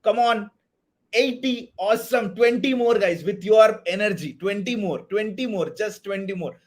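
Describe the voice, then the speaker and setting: A man teaching a live online DevOps class, energetic, often checking if everyone is clear. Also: high-pitched, normal speed. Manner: energetic, repeats "are you all clear" and "right"; hypes up the chat and counts down to a target. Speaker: DevOps instructor.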